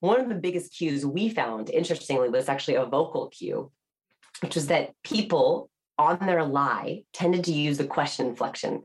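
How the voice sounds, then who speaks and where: A low-voiced woman, an author and body language researcher, explains her research as a guest on a podcast interview. She talks briskly with animated emphasis, often shifting into playful quoted voices to illustrate an example.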